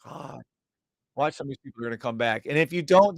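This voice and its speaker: A man hosting a live trading stream, calling out trades in quick repeated bursts, brash and profane, mocking imagined viewers. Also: mid-range voice, vocal fry, dry recording, rough recording. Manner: mocks imagined viewers in a whiny voice.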